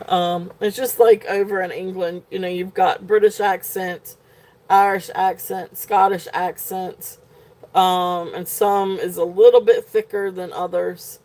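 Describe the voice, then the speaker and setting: A woman's voice: on the low side, steady tone, a little slow, darkish tone. A woman with a southern Virginia twang, hosting a live jewelry sale in a rambling, chatty way with lots of fillers. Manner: rambling, filler-heavy, giggly asides. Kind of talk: live-stream sales chat. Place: home, shop setting.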